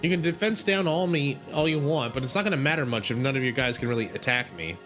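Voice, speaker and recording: A man streaming a video game, making joking, animated asides as he plays. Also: medium pitch, quick pace, faint music behind. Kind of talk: casual gameplay commentary.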